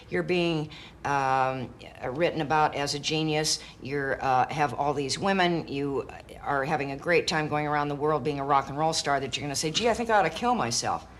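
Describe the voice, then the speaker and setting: Blunt, low-voiced woman recalling the past. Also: slight background noise. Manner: blunt, frank and joking. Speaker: interviewee. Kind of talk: candid interview recollection.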